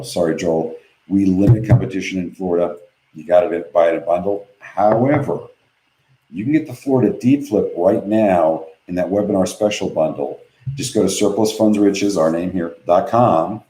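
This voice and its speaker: A man's voice: sits low, warm tone, roomy sound, low-quality recording. A man hosting a live webinar from home, reading viewer questions aloud and answering them bluntly and offhand. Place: home office.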